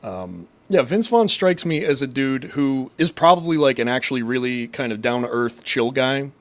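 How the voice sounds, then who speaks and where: A man's voice: mid-range voice, expressive, moderate pace, dry recording. A young man hosting his stream, ranting and rambling with constant swearing as he reads and answers chat. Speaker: streamer host. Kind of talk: casual profane live-stream rant.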